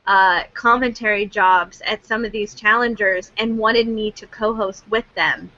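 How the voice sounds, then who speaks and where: A woman co-hosting a comedic webcast, playful and teasing with animated asides. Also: mid-range voice, a little slow, no echo. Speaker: co-host. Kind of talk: casual comedic chat. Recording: dry, dull lo-fi webcast audio.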